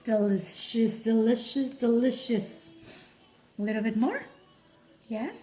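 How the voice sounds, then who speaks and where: A woman feeding her baby at home, cooing softly in baby talk and slipping between English. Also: a little high, fairly even intonation, takes it slowly, echoey room, faint music behind. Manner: coos and speaks softly in baby talk, mixing English and Spanish. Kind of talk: casual home video, talking to a baby. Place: family home at a table.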